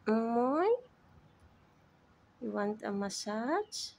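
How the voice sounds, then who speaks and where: A woman vlogging at home, coaxing her pet bird in a soft, baby-talk way. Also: a little high, lively intonation, very slow, creaky. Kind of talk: casual vlog talking to a pet bird. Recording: noisy home recording.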